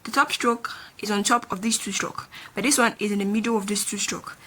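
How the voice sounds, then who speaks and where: A woman's voice: medium pitch, fairly even intonation, brisk, sharp tone, slight background noise. A woman teaching a beginner language lesson, patiently repeating each sound many times while she explains stroke order. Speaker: Korean teacher.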